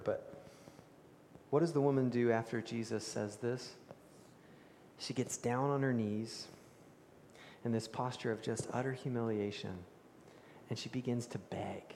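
A man preaching a sermon, telling the story with animated emphasis and dropping to hushed tones for key moments. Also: medium pitch, slight background noise. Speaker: pastor. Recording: reverberant hall.

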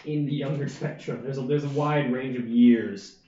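A man's voice: mid-range voice, fairly even intonation, normal speed, dark tone, distant mic. A man narrating and explaining lore as game master of a tabletop game. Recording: echoey, dull lo-fi room.

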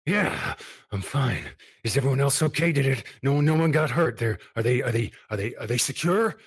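A man's voice: medium pitch, expressive, a little fast, husky. A man playing a tabletop game, speaking hesitantly and acting out his character's lines. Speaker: player. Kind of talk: tabletop role-play.

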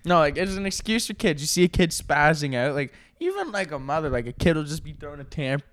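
A man in his twenties co-hosting a podcast, telling profane, joking anecdotes and mimicking people in quick asides. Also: a little high, big pitch swings, fairly bright tone, no room sound, clean studio sound. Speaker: podcast co-host. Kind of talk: casual podcast banter.

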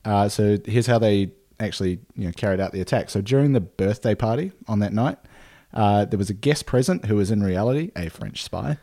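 A man's voice: lowish voice, brisk. A man, co-hosting a podcast and casually retelling a true story with plenty of fillers. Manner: relaxed, laid-back retelling with frequent fillers. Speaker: podcast co-host.

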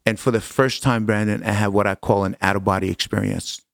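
A middle-aged man telling a personal story as an interview guest, animated and casual, acting out dialogue. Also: fairly low pitch, a little fast, creaky, no room sound. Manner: animated, acts out quoted dialogue, casual slang.

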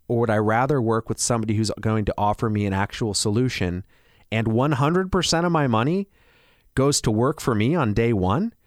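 A man working as a financial advisor, delivering a persuasive radio pitch full of rhetorical questions. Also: no echo, studio quality.

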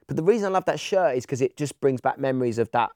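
A man's voice: mid-range voice, lively intonation, quick pace, a little mellow, dry recording, clean studio sound. A man with an Essex accent, a podcast guest telling stories in casual chat, with lots of restarts. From England. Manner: chatty storyteller, many restarts.

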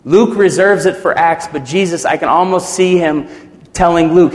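A male pastor preaching a sermon, animated, acting out quotes with sudden swells and drops. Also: on the high side, moderate pace, long reverb tail.

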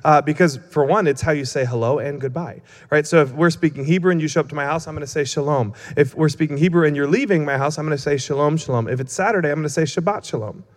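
A young man preaches in a loose, conversational way, mixing self-mocking stories with teaching. His voice sits slightly high for a man, and a long reverb hangs after each phrase, as in a church hall. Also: quick pace, few pauses. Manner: casual, humorous, self-mocking. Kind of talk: sermon with storytelling.

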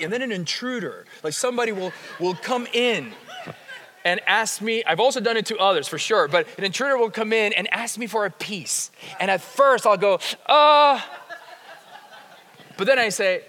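A man preaching a sermon as pastor, shifting between hushed, quiet passages and emphatic, rising ones. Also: high-pitched, lively intonation, normal speed, in a large hall, slight background noise. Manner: dynamic, swings from hushed to emphatic.

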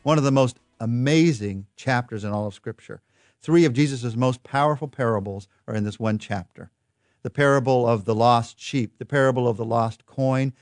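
A man teaching through a Bible chapter in an earnest, expressive devotional style, lifting his voice for emphasis. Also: mid-range voice, no room sound, studio quality. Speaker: pastor teaching a Bible study.

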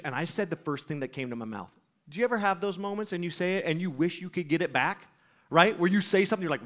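Brief: male preacher, lively storyteller, pitch leaps around, laughs often. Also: quick pace. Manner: animated, laughing, acts out voices. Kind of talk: sermon storytelling.

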